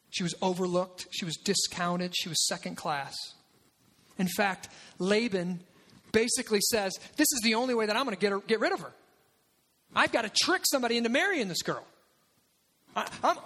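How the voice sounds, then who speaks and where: A man preaching a sermon in an animated way, acting out the quoted lines in a raised voice. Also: sits high, big-room sound. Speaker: pastor.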